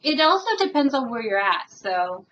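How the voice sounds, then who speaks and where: A woman's voice: on the high side, big pitch swings, moderate pace, fairly bright tone, highs cut off, a little hiss or hum. A woman giving a casual personal monologue as a spiritual vlogger, earnest and rambling and emotionally moved. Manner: earnest and rambling, with many fillers.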